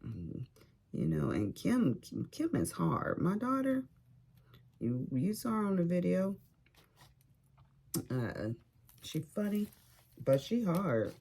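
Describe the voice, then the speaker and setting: An older woman from California chatting slowly over a craft project. Her voice is deep, gravelly and a little husky, and it rises and falls freely as she tells family stories. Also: big pitch swings, warm tone. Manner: chatty storyteller, informal grammar. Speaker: crafting vlogger. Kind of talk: casual chat while crafting.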